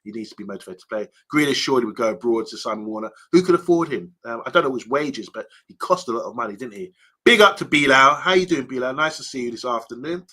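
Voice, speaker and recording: A man's voice: mid-range voice, expressive, fast talker, bright, forceful tone. A man hosting a casual fan live stream, chatting loosely and reading out viewer comments with lots of ums and restarts.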